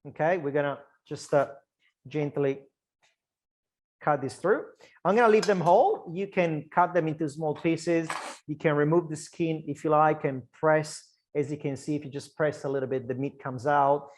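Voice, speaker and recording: Italian-accented chef teaching an online class. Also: male voice, fairly high pitch, moderate pace, a little hiss or hum. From Italy. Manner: chatty, loose, lots of restarts and fillers. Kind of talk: online cooking class demonstration. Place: kitchen.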